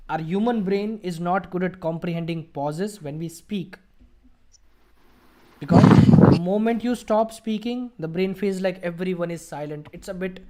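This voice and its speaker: A man teaching an online English exam class, coaching students and demonstrating word stress and pauses over a video call. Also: a little high, mellow.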